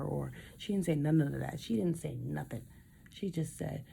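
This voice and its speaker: A woman vlogger telling a story in a casual, animated and indignant way, acting out both sides of the dialogue, recorded in a hospital room. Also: sits low, normal speed, gravelly, slight background noise.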